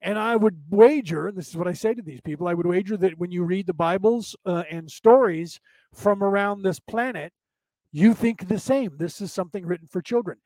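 A man's voice: high-pitched, a little fast, a little mellow, dry recording. A man hosting a casual spiritual talk show, rambling, repeating himself and often asking "right?" as he reads comments from his listeners. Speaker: podcast host.

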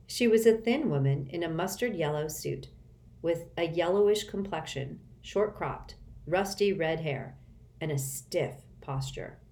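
A woman's voice: low voice, a little slow. A woman reading a children's novel aloud as an audiobook narrator. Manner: expressive storytelling.

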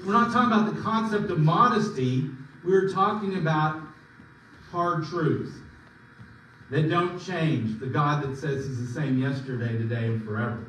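A man preaching in a fairly high voice, pressing his points with sudden rises and drops. He is heard from a distance in a very echoey hall, with a faint hum of room ambience behind him. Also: normal speed, a bit bright. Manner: emphatic preaching with sudden swings in pitch and volume. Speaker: pastor. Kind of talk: sermon.

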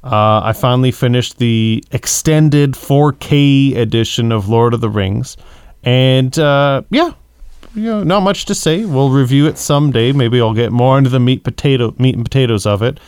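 Smooth-voiced man, measured podcast co-host, dry close mic. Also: medium pitch, darkish tone, no room sound. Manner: rambling, searches for words, measured. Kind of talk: casual movie discussion.

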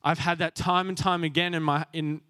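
A man's voice: on the high side, flat delivery, brisk, pushed and bright, smooth, no echo, clean studio sound. A young man preaching a sermon, earnest and self-deprecating, laughing at himself as he goes.

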